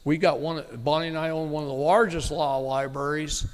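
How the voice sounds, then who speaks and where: A man's voice: a little high, steady tone, brisk, clear, resonant tone, in a large hall. A middle-aged man telling a story to a live audience in a blunt, folksy, emphatic way, with occasional cursing. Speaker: speaker at a live event. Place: meeting room with an audience.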